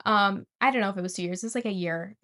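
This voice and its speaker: A woman's voice: medium pitch, fast talker, bright, forceful tone. A young woman vlogger telling a rambling story and swearing casually. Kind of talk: storytime vlog.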